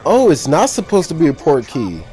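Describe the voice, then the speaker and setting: A man's voice: on the high side, wildly swooping pitch, fairly quick, warm tone, faint music behind. A young man casually reacting to a movie, talking in loose slang, cursing and laughing a lot.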